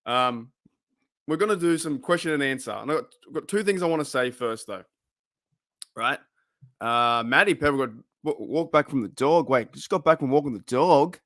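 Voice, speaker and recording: This young Australian podcast host chats casually on his fan show through a webcam, full of slang and laughing at his own remarks. He speaks at a moderate pace in an expressive, mid-range voice that's a bit bright.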